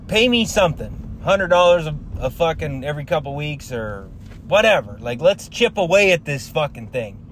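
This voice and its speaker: A man's voice: fairly high pitch, a little hiss or hum. A man who works as a contractor, telling a story in a heated, profane rant full of swearing and restarts. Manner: rambling, with many fillers and restarts.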